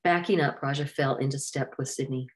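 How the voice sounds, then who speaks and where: Low-voiced woman reading a storybook. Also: fairly even intonation, fairly quick. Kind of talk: storybook narration.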